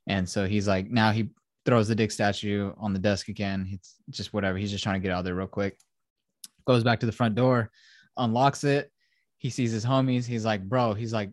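Young dude swearing his way through a movie recap, lowish voice, dry close mic. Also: fairly even intonation, normal speed, dry recording. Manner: profane, rambling storyteller. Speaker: podcast host. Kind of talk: casual chat retelling a film.

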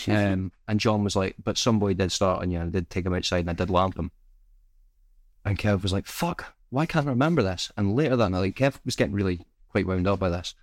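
Lower-voiced man telling stories. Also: fairly even intonation, brisk, dry recording, studio quality. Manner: swearing, laughing anecdote teller. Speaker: podcast co-host. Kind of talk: casual storytelling chat.

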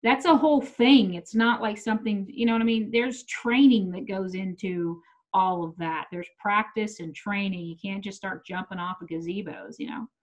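This middle-aged comedian has a medium-pitched voice and a moderate pace. She's chatting casually without edits, swearing freely as she tells blunt stories.

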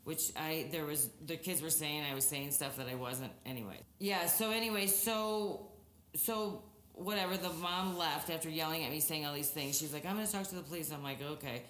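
A woman in her forties tells stories on a podcast in a lively, animated way, swearing freely as she goes. Her voice sits a little low for a woman, and a roomy echo hangs around it. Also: a little fast, slight background noise. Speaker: podcast co-host, former principal. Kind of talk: casual podcast chat.

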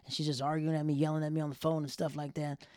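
A man with a fairly high voice spins a rambling personal story, acting out each line people said. He is recorded dry and close, with no room sound. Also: very fast, no echo. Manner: rambling, animated, acts out quotes. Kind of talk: casual storytelling.

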